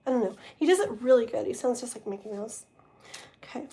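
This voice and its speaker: A woman's voice: fairly high pitch, fast, warm tone, slight background noise. A woman doing a casual live tarot reading with a tired, strained voice. She chats and rambles, and reads card meanings aloud. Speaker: tarot reader.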